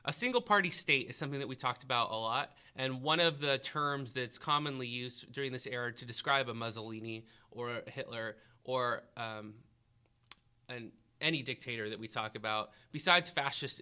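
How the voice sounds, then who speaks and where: Bright-voiced man quizzing a student. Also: medium pitch, normal speed, clear, resonant tone. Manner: questioning, encouraging, thinking aloud. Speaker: history teacher and podcast host. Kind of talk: classroom review podcast, quizzing a student.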